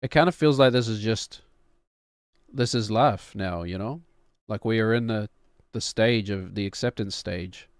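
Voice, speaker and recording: A man's voice: on the low side, a little slow, no echo, studio quality. A man in his thirties, a streamer who chats casually in a rambling, wry, self-mocking way. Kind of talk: casual chat.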